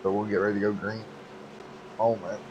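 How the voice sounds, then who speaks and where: A hoarse man doing excitable, rambling race commentary over a sim race, with many fillers. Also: fairly low pitch, quick pace, muffled recording, noisy background.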